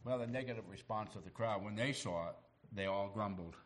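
Animated preacher man, low voice. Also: fairly quick. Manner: animated, acts out quoted voices. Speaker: pastor. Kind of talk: sermon.

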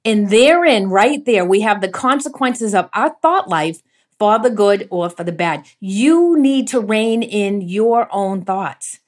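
A woman giving earnest devotional teaching, emphatic and asking the listener questions. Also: mid-range voice. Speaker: Bible teacher.

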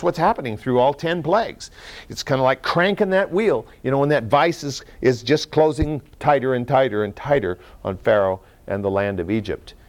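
Guy giving a sermon, chatty and expressive, voice jumps all over, little laughs here and there. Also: mid-range voice. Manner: expressive, swings between loud emphasis and quiet asides; conversational, with small laughs and restarts. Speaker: pastor.

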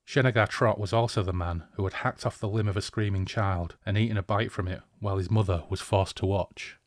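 A man talking through a fantasy novel with chatty enthusiasm, switching between reading and commentary. His voice sits fairly low and sounds dry and close to the mic. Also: steady tone, fairly quick, dry recording. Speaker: podcast co-host. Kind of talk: book discussion and reading aloud.

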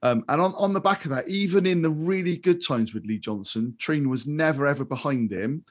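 Earnest football pundit. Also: male voice, on the high side, lively intonation, fairly quick. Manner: earnest, repeats words when starting. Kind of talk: casual football chat.

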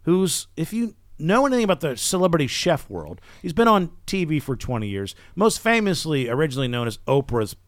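A man's voice: fairly high pitch, very animated, a little fast, hardly any pauses, dry recording, clean studio sound. A man hosting a podcast, telling a story in casual chat and acting out the people he quotes. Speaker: podcast host.

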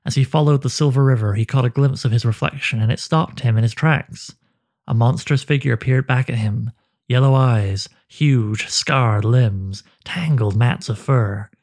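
A man narrating a dark fantasy story with a measured, dramatic delivery. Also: mid-range voice.

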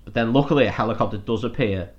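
A man's voice: medium pitch, racing, darkish tone, dull audio. A man hosting a podcast, casually retelling a film's plot in a rambling, sweary way and laughing as he goes. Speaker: podcast host recapping a film. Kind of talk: casual chat.

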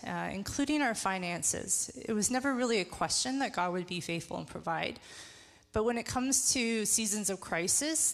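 Female church staffer, measured update to congregation, echoey hall. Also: medium pitch.

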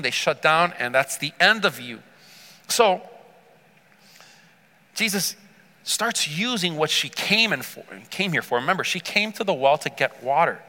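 A man preaching a sermon, retelling a Bible story with lively character voices and calling on the congregation to respond. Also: on the high side. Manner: engages congregation with call-and-response. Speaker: pastor. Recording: reverberant church hall.

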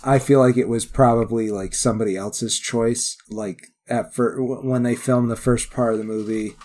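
Casual laughing podcast co-host. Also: male voice, medium pitch, normal speed. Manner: animated, laughing, loose and profane. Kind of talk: casual chat.

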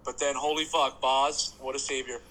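A man in casual podcast chat, ranting excitably with constant swearing. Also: mid-range voice, normal speed, low-quality recording. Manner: heated, profane, excitable ranting. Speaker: podcast co-host, sports fan.

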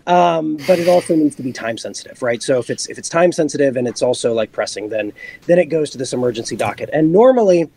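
A man with a mid-pitched, everyday voice explains things patiently as a podcast guest. He leans on frequent ums and slips into quick acted-out quotes to make his points. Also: animated, vocal fry, mellow, no echo. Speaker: guest explaining a legal topic. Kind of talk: casual explanatory podcast talk.

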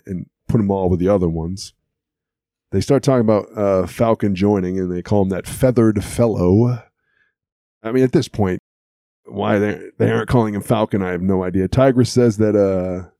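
A man's voice: on the low side, mellow, dry recording, studio quality. A man co-hosting an audio podcast, chatting and laughing as he recaps a cartoon episode. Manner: chatty, amused, laughs often while recapping. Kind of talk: casual chat.

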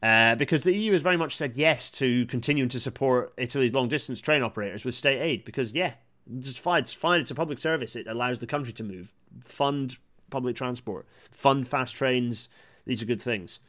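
A man hosting a casual livestream. He reads the chat aloud, rambles with many restarts, and breaks into excited outbursts. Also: mid-range voice, brisk. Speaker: live-stream host reading chat. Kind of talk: casual live-stream commentary.

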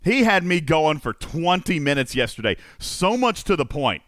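A man's voice: a little high, very animated, normal speed, a bit bright, no echo, clean studio sound. A man hosting a casual stream, telling a story with lots of laughter and animation. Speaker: host.

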